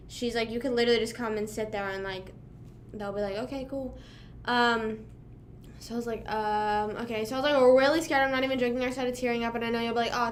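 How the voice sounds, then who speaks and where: A woman's voice: on the high side, a little hiss or hum. A young woman from Pennsylvania chatting casually with live viewers, rambling and self-deprecating, full of fillers. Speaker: livestream host.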